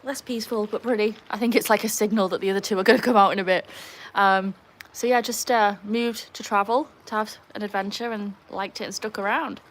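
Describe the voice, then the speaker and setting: A woman's voice: medium pitch, fairly even intonation, fairly quick. A young woman from England and Wales chatting casually with viewers on a live stream from beside a home pool. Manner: chatty, answers viewers, cheers loud woohoos at the dog. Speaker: livestream host with her dogs. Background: pool pump and faint outdoor ambience.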